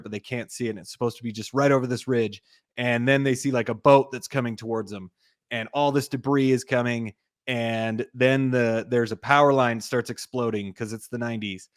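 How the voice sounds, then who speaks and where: Here a young man on a podcast rambles through a movie's storyline as a casual co-host recap, packing in "like" and performing the quotes. His mid-range voice is clear and resonant. It's a dry, studio-quality recording.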